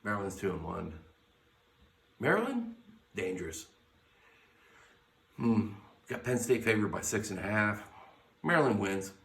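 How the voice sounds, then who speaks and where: A man's voice: on the low side, normal speed, vocal fry, pauses often, a bit bright. Brash man hosting a garage sports show. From United States. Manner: brash, blunt, swears freely, jumps between teams. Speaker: sports podcast host. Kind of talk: casual sports commentary. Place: his garage. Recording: echoey garage, mic at a distance.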